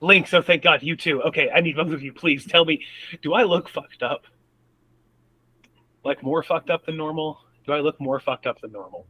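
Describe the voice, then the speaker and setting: Excitable swearing man at a game table. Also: on the high side, moderate pace, poor audio. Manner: excitable, swears often, stammers restarts. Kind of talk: in-character tabletop play.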